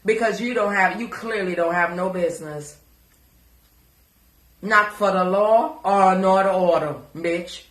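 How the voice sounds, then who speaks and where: A woman's voice: mid-range voice, unhurried, echoey room. A woman giving crude, taunting reaction commentary and repeating words to mock someone. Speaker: commentary vlogger.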